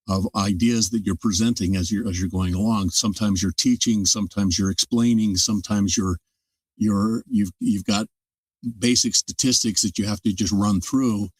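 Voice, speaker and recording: Older male narrator as guest, low-voiced, thoughtful explainer, mic a little distant, dry sound. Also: fairly even intonation, normal speed, slightly rough, no echo. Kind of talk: casual interview talk.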